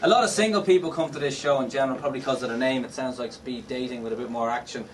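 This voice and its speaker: A man's voice: medium pitch, rapid-fire. An Irish man doing stand-up, teasing the audience in cheeky banter with lots of fillers. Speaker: stand-up comedian. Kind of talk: live comedy show audience work. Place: live comedy venue. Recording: distant mic, noisy live room.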